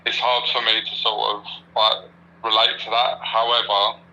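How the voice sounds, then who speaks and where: A man's voice: on the low side, level tone, moderate pace, pushed and bright, dull audio. A man, a guest on a talk show, telling a funny story in a chatty, slangy way. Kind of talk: casual anecdotal chat.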